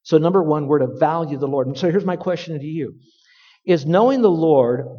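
A man preaching a sermon to men, emphatic, slowing down to stress key words. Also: fairly high pitch. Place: room with stage lights and sound equipment. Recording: dull, lo-fi audio with long hall reverb.

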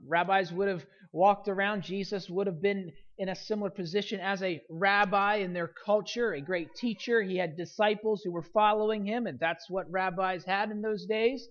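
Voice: medium pitch, muffled recording. A pastor preaching a sermon in an earnest manner, with frequent restarts and rising emphasis.

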